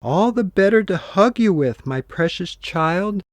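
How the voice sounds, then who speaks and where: A man's voice: animated, unhurried, no room sound. A man voicing a sly male wolf who fakes a weak old grandmother's voice in a storybook reading. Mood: falsely sweet. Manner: high, weak, put-on old voice.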